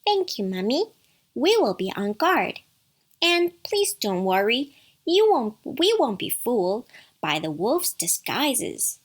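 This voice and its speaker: A woman doing squeaky little goat kids. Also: slow pace, full character voice. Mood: earnest. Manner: high, loud and excited. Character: seven small frightened young goat kids.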